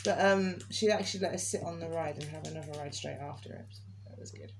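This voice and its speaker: A woman's voice: deep voice, quick pace, gravelly, slight background noise. A woman vlogger in casual chat, talking and laughing often. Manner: chatty, laughs often, quotes others in raised voice.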